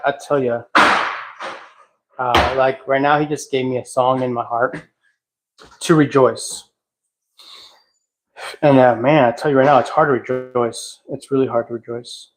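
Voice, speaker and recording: A man hosting a casual livestream at home, talking in a reflective, halting way and sometimes singing softly. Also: medium pitch, steady tone, a little hiss or hum, low-quality recording. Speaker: livestream host. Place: at home, cleaning a house.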